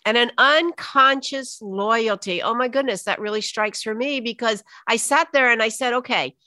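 Bright-voiced woman host, earnest and open. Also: mid-range voice, no echo, clean studio sound. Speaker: podcast host. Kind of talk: casual interview chat.

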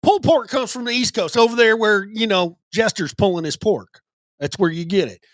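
A man's voice: high-pitched, normal speed, dry recording, studio quality. A man with an Oklahoma accent, co-hosting crude comedic banter with giggles and folksy country sayings. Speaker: podcast co-host.

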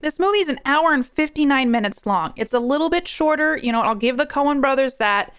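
A young woman hosting a podcast, chatting casually on her own, animated and prone to rambling tangents. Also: high-pitched, brisk, no echo, studio quality. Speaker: podcast host. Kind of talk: casual solo movie chat.

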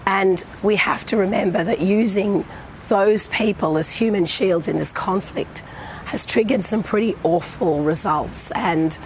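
Croaky-voiced Australian woman politician. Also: medium pitch, measured pace, slight background noise. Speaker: politician guest. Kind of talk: live TV panel debate.

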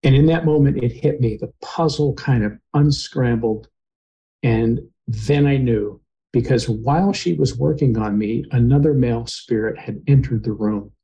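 Male guest, mid-pitch, mellow tone; earnest, heartfelt storyteller. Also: normal speed, vocal fry, rough recording. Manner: earnest, emotional retelling. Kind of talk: personal storytelling in conversation.

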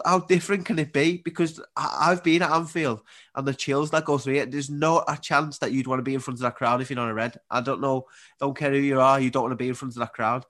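A young Scouse man speaks fast as a podcast guest, full of animated anecdotes. His pitch sits in a middling range. He laughs as he goes. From Liverpool area, England. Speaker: guest, Paralympic table tennis player. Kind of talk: casual storytelling.

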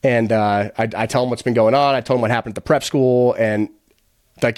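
A little mellow and a little fast, this mid-range voice belongs to an American podcast guest speaking in a steady tone. He relates his story bluntly in a casual storytelling interview, swearing and quoting the people involved, recorded in studio quality with no room sound.

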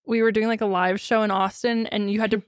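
A woman's voice: medium pitch, level tone, fast talker, no room sound, studio quality. A young woman co-hosting a podcast in casual chat, playful and giggly. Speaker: podcast co-host.

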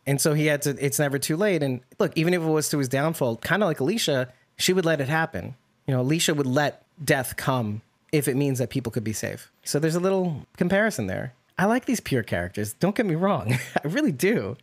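Rambling, animated man in casual chat. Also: a little high, a little fast. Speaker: podcast co-host.

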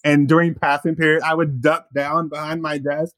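A man hosting a podcast who chats in a relaxed, joking way with his guest. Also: fairly high pitch, normal speed, dry recording. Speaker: podcast host. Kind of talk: casual interview chat.

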